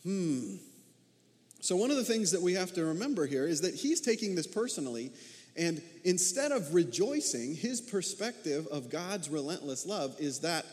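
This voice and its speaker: A man delivers a sermon in a fairly high voice. He preaches in a conversational way and keeps turning to the congregation with rhetorical questions. His voice carries a long reverb, as in a large hall. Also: sing-song, moderate pace, darkish tone. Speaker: pastor.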